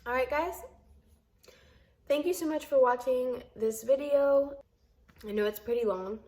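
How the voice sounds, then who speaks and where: A woman's voice: high-pitched, unhurried, pauses often, a little mellow. A young woman telling a storytime vlog to camera, heated and emphatic, at times tearful and earnest. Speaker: vlogger.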